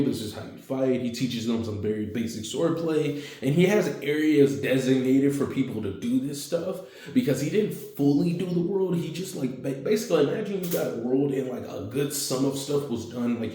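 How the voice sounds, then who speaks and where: A man casually narrates a fan story, tripping over fillers and restarting his sentences. His voice sits at a middling pitch. The room around him rings with heavy echo. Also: dark tone. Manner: rambling, filler-heavy, slips into quick character voices.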